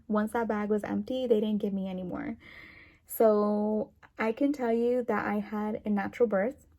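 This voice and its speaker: Gravelly, mellow-voiced young woman vlogging. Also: mid-range voice. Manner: chatty, rambling, many fillers. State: emotional, near tears. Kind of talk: casual chat to camera.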